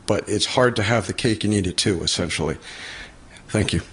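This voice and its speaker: Male landlord with a husky, lowish voice, speaking haltingly at a public comment. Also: fairly bright tone. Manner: halting, searching for words. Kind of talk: public comment at a city council meeting.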